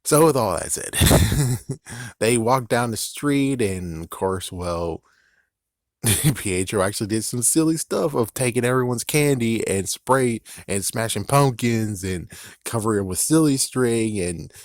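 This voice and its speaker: A man's voice: medium pitch, expressive, measured pace, no echo, clean studio sound. A man giving a loose, rambling episode recap, swearing often and breaking into laughs. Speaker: channel host recapping an episode. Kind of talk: casual recap vlog.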